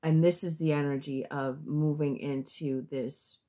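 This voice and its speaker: A woman's voice: low voice, steady tone, measured pace, warm tone. A woman giving a casual tarot reading to her viewers, blunt and sometimes profane, thinking aloud and restarting her sentences. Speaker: tarot reader.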